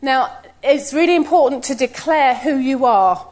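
A middle-aged woman giving a personal sermon talk, telling stories in a lively way and acting out what people said. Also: sits high, moderate pace. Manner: lively storytelling, acts out quotes with laughs. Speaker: church speaker.

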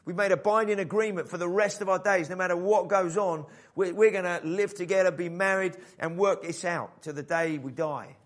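A man preaching a sermon in an animated style, acting out the voices in the story. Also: high voice, normal speed, few pauses. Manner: animated preaching, acts out the father's voice. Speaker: pastor.

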